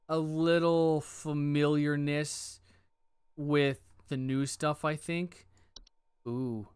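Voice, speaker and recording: A man's voice: on the high side, smooth, no room sound. A man giving casual let's-play commentary, thinking aloud, hedging and joking as he works through cases. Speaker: game streamer.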